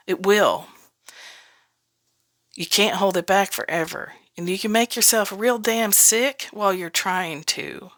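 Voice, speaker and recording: A woman's voice: medium pitch, unhurried, a bit bright, no echo, clean studio sound. Blunt, frank woman podcaster. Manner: blunt, frank, laughs often, swears freely. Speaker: podcast host, business coach. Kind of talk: casual solo podcast monologue.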